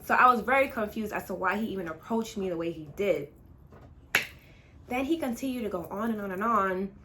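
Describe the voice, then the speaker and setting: Young woman vlogger, chatty storytime, dramatic and fast then slow, talking right to the camera. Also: mid-range voice, a little hiss or hum. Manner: animated, chatty, talks straight to viewers; dramatic retelling, swings between fast and drawn-out. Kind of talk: casual storytime.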